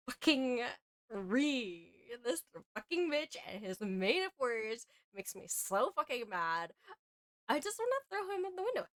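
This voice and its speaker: A woman's voice: mid-range voice, a bit bright, no room sound. A young adult woman streaming a game live, ranting profanely at a character.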